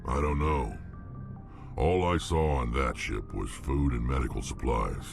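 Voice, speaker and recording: A hulking alien mercenary from a video game, his voice sunk to an extremely low rumble. It grinds with a gravelly rasp. He talks in blunt, clipped bursts. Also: measured pace, over music, exaggerated voice. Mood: gruff. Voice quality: deep gravelly growl. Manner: blunt, clipped, terse sentences. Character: huge gruff alien mercenary, male, battle-hardened.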